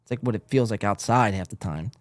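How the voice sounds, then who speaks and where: A man's voice: fairly low pitch, fast, no room sound, studio quality. A man hosting a podcast, giving crude, sarcastic commentary on a clip he is watching. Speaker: podcast host reacting to a clip.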